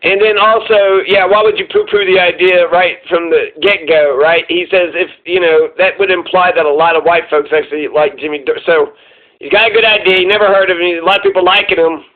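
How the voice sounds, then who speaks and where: Commentary host, male, profane and sarcastic; high-ish voice, lo-fi phone-quality audio. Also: steady tone, brisk. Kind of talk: casual reaction commentary. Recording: tinny lo-fi phone-like sound.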